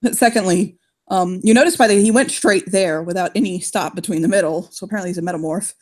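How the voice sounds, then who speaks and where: A woman's voice: on the low side, fast talker. Laughing, foul-mouthed woman role-player. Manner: swears often, laughs a lot. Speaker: tabletop player. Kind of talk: casual role-play narration.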